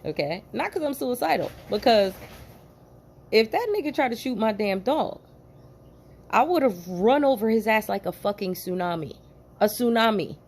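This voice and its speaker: A woman from New Jersey, a former police officer, telling a story to camera in an animated, profane, emphatic way, with bursts of laughter. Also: a little high, normal speed, slight background noise.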